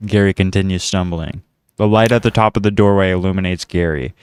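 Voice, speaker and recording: A man narrating a script in a steady, matter-of-fact voice. His tone is low and smooth, and the sound is dry and close. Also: brisk, dry recording. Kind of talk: reading a comedic script aloud.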